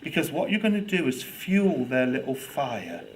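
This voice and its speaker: A man giving a lively, theatrical talk to a student audience on children's reading, playing for laughs. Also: medium pitch, normal speed, a little hiss or hum, poor audio. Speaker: guest speaker on children's reading. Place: lecture room with audience.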